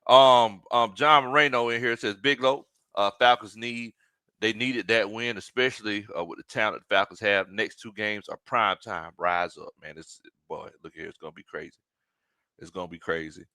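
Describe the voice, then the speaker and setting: A man's voice: on the low side, moderate pace, sharp tone, clear, resonant tone, no room sound. A man hosting a casual live football stream, rambling and stumbling over repeated words while he reads viewer comments aloud, a little congested from a sinus infection. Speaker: sports live stream host.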